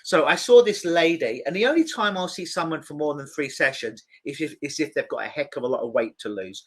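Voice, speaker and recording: A man, a clinical hypnotist, telling a client story as a guest in an expressive, lively conversational way, often repeating words as he starts a sentence. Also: on the high side, fairly quick, breathy edge.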